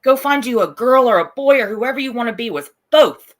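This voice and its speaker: A woman's voice: fairly high pitch, expressive, fairly quick. A woman on a livestream panel, taunting and scornful toward an opponent. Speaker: streamer on a panel. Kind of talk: heated livestream argument.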